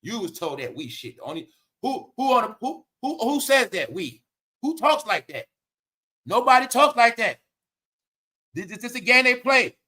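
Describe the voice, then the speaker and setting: A man hosting an online commentary show, ranting loudly and mockingly, full of slang and swearing. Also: extremely high pitch, big pitch swings, moderate pace.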